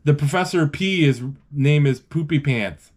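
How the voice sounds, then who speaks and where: A man's voice: a little high, unhurried, a little mellow. A man narrating a cartoon film live in a casual, rambling way, restarting words and reading out characters' lines. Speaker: movie describer.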